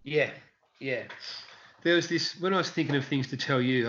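A former street performer tells stories casually during an interview, animatedly acting out the people he quotes in high-pitched shouts. He talks at a normal speed, and the audio sounds dull.

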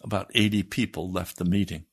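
A man's voice: low-pitched, fairly even intonation, brisk, slightly rough. A man, a pastor, reading a story aloud in a sermon, raising his voice for the quoted lines.

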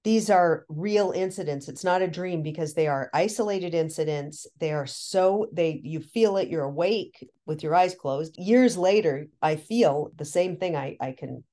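A woman with a fairly low-pitched voice tells a personal story to a podcast host. She talks in animated, excited bursts, restarting her sentences often. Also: unhurried, few pauses. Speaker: podcast guest. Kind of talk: casual storytelling.

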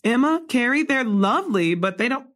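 A woman's voice: on the high side, expressive, normal speed, natural voice. A woman playing an awkward, self-deprecating playwright. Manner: hesitant, trailing off, laughs nervously. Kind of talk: contemporary stage drama dialogue.

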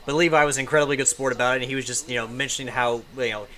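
A man rattling off jokes and shout-outs as co-host of a casual gaming podcast. He talks fast in an upbeat way. His voice has a bright, forward edge. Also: mid-range voice, steady tone.

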